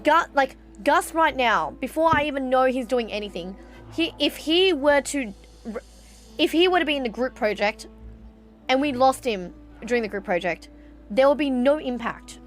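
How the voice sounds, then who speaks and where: A woman, live-streaming a video game and chatting casually, animated, ranting and swearing freely. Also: sits high, normal speed, faint music behind. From Australia. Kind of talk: casual gaming stream chat.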